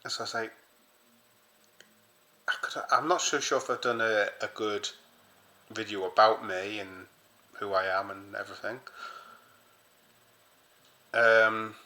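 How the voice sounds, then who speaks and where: English man, fan-channel host, rambling casual chat, lowish voice with a bright, forceful edge. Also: steady tone, unhurried, pauses often. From south coast of England. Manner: rambling, restarts sentences often. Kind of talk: casual talk to camera.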